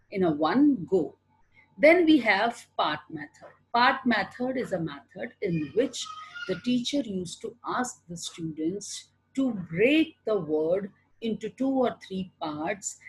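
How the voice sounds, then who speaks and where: A husky, breathy-voiced woman with an Indian English accent delivers an online lecture. She speaks slowly and deliberately, and her pitch rises and falls in a lively way as she poses questions and then answers them herself. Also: low-quality recording. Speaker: teacher.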